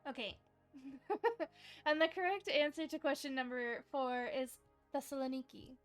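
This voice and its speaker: A woman's voice: high-pitched, steady tone, measured pace, soft background music. A young woman hosting a casual livestream trivia game, chatty and upbeat, dropping "like" often as she talks to viewers.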